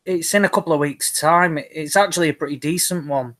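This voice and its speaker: A man's voice: on the high side, fairly quick, fairly bright tone, no room sound. A man on a podcast panel talking hesitantly in casual chat, often searching for details.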